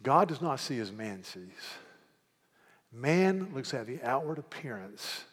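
A man's voice: medium pitch, very animated, takes it slowly, fairly bright tone. A man preaching a sermon, retelling a story and acting out the characters' lines. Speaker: pastor. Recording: long reverb of a large hall.

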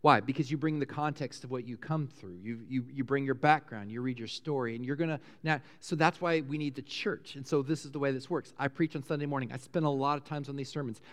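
A middle-aged man preaching a sermon as a pastor, conversational and animated, rising loud and high when excited. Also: fast, hardly any pauses. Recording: preached in a church, long reverb.

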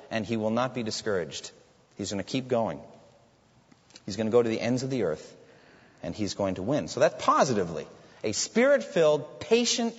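A man preaching a sermon, swinging from loud proclaiming to hushed asides. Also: mid-range voice, breathy edge. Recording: dull audio with long hall reverb.

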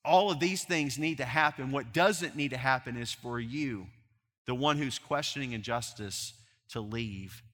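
A man preaching a sermon with passion, swelling loud on key words and dropping low and quiet on others. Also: unhurried. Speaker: pastor. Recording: long hall reverb.

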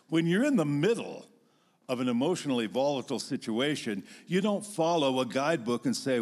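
A middle-aged man giving an earnest, expressive teaching talk as a Christian speaker, standing before an audience. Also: mid-range voice, brisk. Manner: earnest and expressive, acting out emotional outbursts.

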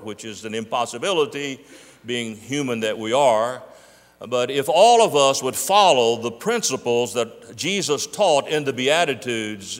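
A man preaching a sermon as pastor, stressing key words by slowing down and leaning on them. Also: medium pitch, long reverb tail.

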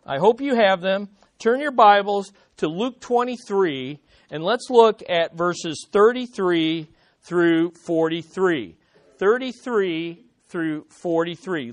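A man preaching a sermon, reading scripture aloud and rising to emphatic quotes. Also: sits high. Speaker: pastor.

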